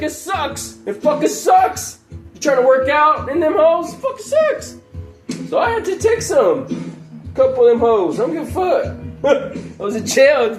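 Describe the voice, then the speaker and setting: Мужчина непринуждённо рассказывает бессвязную историю, много ругается и часто смеётся; на фоне тихо звучит музыка. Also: male voice, very high voice. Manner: profane, rambling, laughs often. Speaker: channel host. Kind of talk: casual storytelling.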